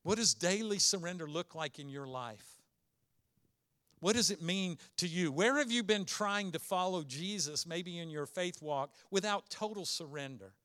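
High, bright-voiced man preaching a sermon. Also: animated. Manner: earnest, emphatic preaching with many rhetorical questions; slows down to stress key words. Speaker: pastor.

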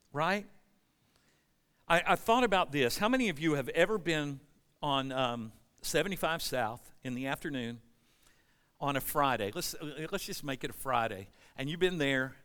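Pastor, male, slightly high and bright voice, chatty preaching that turns to the congregation with questions, long hall reverb. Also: smooth. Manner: storytelling, asks the congregation questions. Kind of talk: conversational sermon. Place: church sanctuary.

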